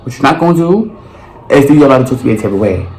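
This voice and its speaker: A young man tells a story to camera in an animated, profane way, full of slang. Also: medium pitch, racing. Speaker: vlogger. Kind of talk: storytime monologue. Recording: roomy with faint noise.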